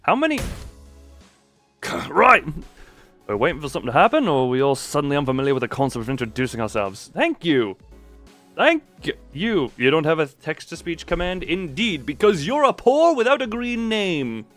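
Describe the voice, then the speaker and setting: A man's voice: on the high side, very animated, normal speed, fairly bright tone, faint music behind. A man streaming a game live, joking and rambling as he reacts to his chat, on a close desk microphone.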